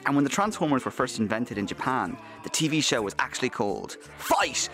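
A man's voice: medium pitch, fairly quick, hardly any pauses, faint music behind. A man hosting a children's show, joking playfully and reading rhymes aloud. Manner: jokey, animated, reads rhymes aloud. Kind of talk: playful scripted presenting.

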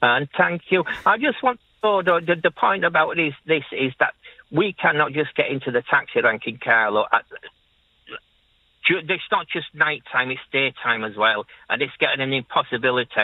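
A man's voice: fairly high pitch, normal speed, no room sound. A man in his sixties with an Irish accent tinged by Leeds, a taxi-driving caller chatting in a rambling way and repeating himself. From Ireland. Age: 60s. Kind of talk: phone-in radio chat. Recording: tinny phone line.

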